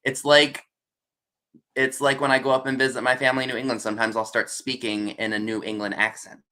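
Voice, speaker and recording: A man's voice: medium pitch, little pitch movement, brisk, bright, forceful tone. A man chatting casually on a video call livestream, easygoing and a bit hesitant. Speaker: vintage shop owner guest.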